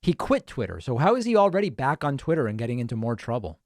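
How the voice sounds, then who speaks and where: A man's voice: medium pitch, very animated, fast talker, a little mellow, no room sound, clean studio sound. A man hosting a live show, reacting to a video clip with sarcastic, incredulous commentary.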